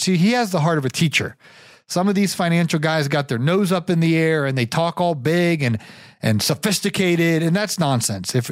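Man, podcast host, slightly high voice, very dry sound, enthusiastic, rambling. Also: no echo. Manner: enthusiastic, rambling, repeats himself. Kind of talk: casual podcast chat.

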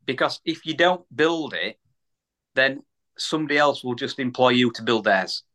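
A man's voice: mid-range voice, expressive, normal speed, bright, forceful tone. A man from the UK, a small business owner, telling a story in a casual podcast chat, repeating words and acting out the voices of people he quotes.

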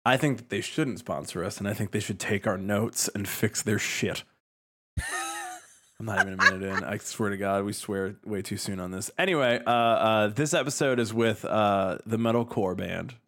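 A man's voice: lowish voice, normal speed, a bit bright, a little hiss or hum. A man co-hosting a music podcast, joking and chatting loosely with many restarts. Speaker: podcast co-host. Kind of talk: casual podcast chat.

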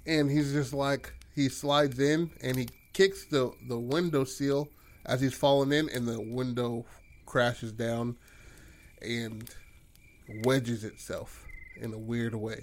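A man's voice: medium pitch, little pitch movement, slow pace, slight background noise. A man casually telling a rambling horror story idea to a friend, full of fillers and swearing. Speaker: podcast co-host pitching a horror story.

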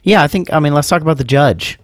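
A man's voice: on the high side, quick pace, no room sound. Laid-back male podcast co-host, dry sound. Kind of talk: casual movie discussion.

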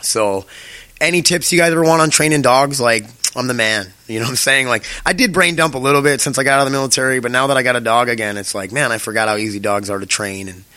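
A young man hosts a casual solo podcast, speaking quickly at a medium pitch in a bright, forceful voice that carries. He rambles, trips over words and swears freely. The recording is close and dry, with no room sound at all.

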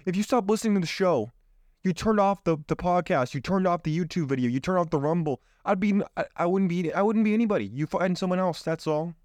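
A man with a high voice talks fast in a slightly mellow tone, recorded with no room sound. He's a podcast host delivering an emphatic, motivational monologue packed with rhetorical questions into his own on-camera microphone.

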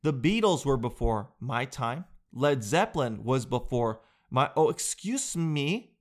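A man comedian telling a comic monologue in an animated, profane storytelling way. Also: medium pitch, unhurried. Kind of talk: stand-up style comic monologue.

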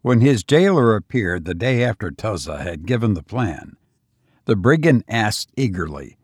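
A man narrating a storybook in a steady, unhurried reading voice. His voice is very deep and slightly husky, and the recording is dry and close. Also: dry recording.

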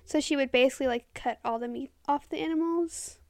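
High-voiced woman talking fast. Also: no echo, clean studio sound. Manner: talks fast and excitedly. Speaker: podcast co-host. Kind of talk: casual podcast chat.

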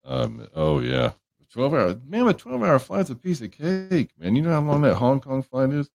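A man's voice: mid-range voice, huge pitch swings, normal speed, vocal fry, a little mellow. A man hosting a livestream, chatting casually and joking as he greets viewers by name. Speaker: livestream host. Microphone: headphones on a livestream setup.

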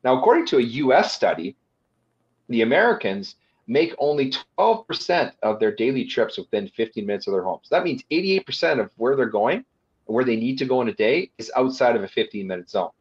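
A man's voice: medium pitch, big pitch swings, a little fast, husky, muffled recording. A man, a lawyer and guest on a webinar, explaining policy at length with frequent fillers and restarts. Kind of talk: webinar presentation.

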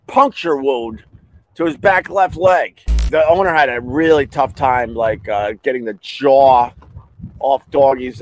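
A man hosting a podcast, casually telling a heated personal story with loud outbursts. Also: fairly high pitch, low-quality recording. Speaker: podcast host.

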